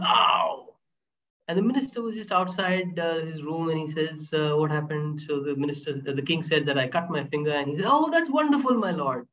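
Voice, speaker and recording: A man, a guest speaker, telling teaching stories in an interview, animated and laughing between points. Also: high voice, a little hiss or hum. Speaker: guest speaker on inner power. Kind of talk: storytelling interview talk. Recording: dull lo-fi audio.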